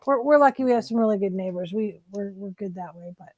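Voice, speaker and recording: A woman's voice: mid-range voice, fast, a little mellow, no room sound. A woman talking as a guest on a chat show, cheerful and bubbly. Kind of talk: casual chat.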